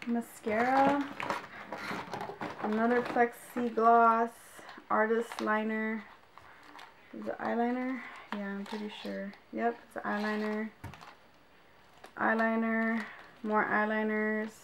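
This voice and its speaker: Gushing young woman, slow, noisy recording. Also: a little high, flat delivery. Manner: gushing, exclamatory, talks to viewers. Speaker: beauty vlogger. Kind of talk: casual unboxing vlog. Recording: clear background noise.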